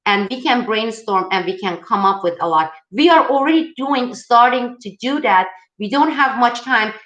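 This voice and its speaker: Brief: higher-voiced woman host, emphatic and animated, answering viewer questions in an echoey room. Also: normal speed, lo-fi sound. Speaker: host of a political video channel. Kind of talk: live-style viewer Q&A.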